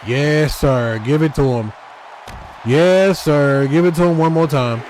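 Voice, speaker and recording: A man giving excitable, trash-talking play-by-play commentary over a wrestling video game, talking straight to the wrestlers. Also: fairly high pitch, a little slow, some chatter behind, slight background noise.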